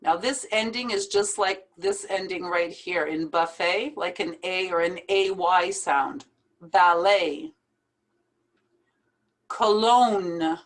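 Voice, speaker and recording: A woman teaching English pronunciation, saying each word slowly and repeating it carefully. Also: lowish voice, a bit bright. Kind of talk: slow pronunciation lesson.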